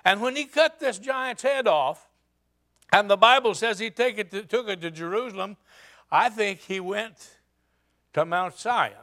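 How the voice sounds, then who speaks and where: A man's voice: high-pitched, a little slow, sharp tone. A man preaching a sermon, retelling a scripture story dramatically with rhetorical questions.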